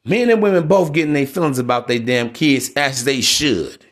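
A man's voice: mid-range voice, normal speed. A man hosting a solo podcast, ranting in a blunt, preachy, profane way. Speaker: podcast host.

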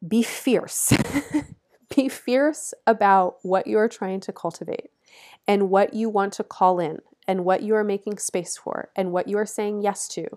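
A woman with a darkish, mid-range voice and fairly even intonation reads an astrology forecast at a measured pace. She encourages her listeners earnestly, repeats her instructions for emphasis and laughs quietly between phrases.

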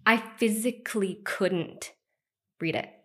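A woman's voice: medium pitch, slow pace, pushed and bright, slightly rough. Woman, thirties, american, podcast guest, open and emotional storytelling, casual filler words. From United States. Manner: emotional, candid, frequent "like" and "you know".

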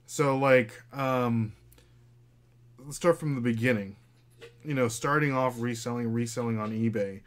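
Speaking a little slowly and pausing often, this medium-pitched man hosts a casual reselling livestream alongside his wife. His talk is rambling and full of fillers as he chats with viewers and the dog.

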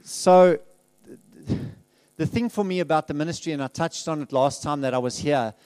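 A man's voice: a little high, normal speed, a little mellow, dry recording, faint music behind. A middle-aged man giving a candid, conversational testimony as a guest speaker in a church, laughing often and restarting his sentences.

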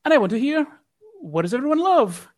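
A man doing a mock upper-class English gentleman, a wrestling showman, in an exaggerated caricature voice. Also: very high voice, very animated, very slow, no room sound, voice pushed up, full character voice. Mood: plummy hamming.

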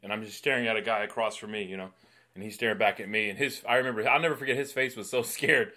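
Bright-voiced comedian co-host telling stories. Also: male voice, on the low side, quick pace. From New York City. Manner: animated, acts out voices with laughs. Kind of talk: casual storytelling chat.

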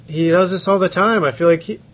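A man's voice: high-pitched, fairly quick, fairly bright tone. A man co-hosting a casual sports podcast, laughing often and giving blunt opinions with casual swearing. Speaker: podcast co-host.

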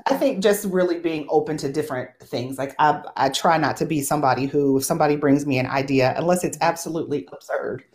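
A woman co-hosting a podcast, chatting in a relaxed, easygoing way and laughing easily. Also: low-pitched, fast, few pauses. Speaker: podcast co-host. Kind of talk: casual chat.

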